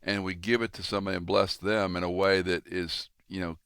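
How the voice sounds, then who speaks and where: A man in his sixties hosting a conversation, telling stories with lively acted-out quotes. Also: deep voice, a little fast, smooth, dry recording, studio quality. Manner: animated storyteller, acts out quoted voices. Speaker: podcast host and pastor. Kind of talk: casual conversation.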